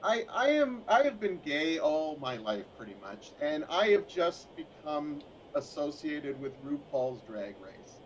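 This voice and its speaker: A male host with a high, very lively voice chats casually and laughs easily. The sound is a little dull, with faint noise underneath. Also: measured pace, few pauses. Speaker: show host. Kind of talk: casual chat.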